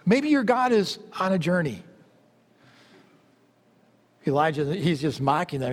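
A man's voice: sing-song, a little slow, pauses often. Fervent preacher man in a reverberant hall. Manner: fervent, swings from loud exclamations to low asides. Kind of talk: sermon.

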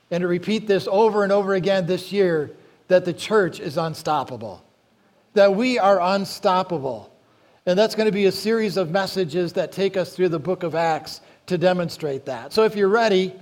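A male pastor delivering a sermon in a high, light voice. He speaks deliberately and leans on key words, slowing down whenever he reads scripture aloud. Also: a little mellow.

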